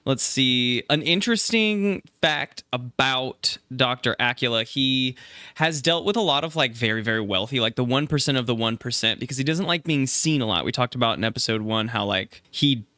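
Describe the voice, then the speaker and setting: Man, casual tabletop player, rambling and self-correcting; bright, clear tone. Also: mid-range voice, lively intonation, moderate pace, no echo, studio quality. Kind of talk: casual chat about his character.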